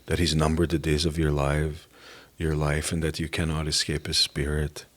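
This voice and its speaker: A middle-aged man from Canada giving an earnest, halting personal testimony as a podcast guest. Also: rumbling low, completely flat delivery, fairly bright tone. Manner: earnest, halting, emotional at times.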